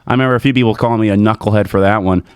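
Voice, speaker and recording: A man's voice: on the low side, racing, clean tone. A young man co-hosting a sports podcast, joking around, laughing often and acting out quotes in casual chat. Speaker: podcast co-host.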